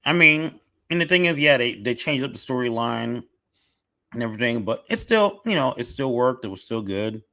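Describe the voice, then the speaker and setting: A man's voice: mid-range voice, animated, moderate pace, pushed and bright, dry recording. A man chatting casually on a podcast, opinionated and restarting often, with a cough drop in his mouth. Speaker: podcast guest. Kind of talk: casual chat.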